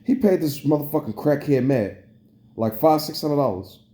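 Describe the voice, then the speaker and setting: A man's voice: fairly high pitch, normal speed, dark tone. A young man, ranting to camera in a heated, profane, repetitive way. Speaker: vlogger. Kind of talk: angry rant to camera.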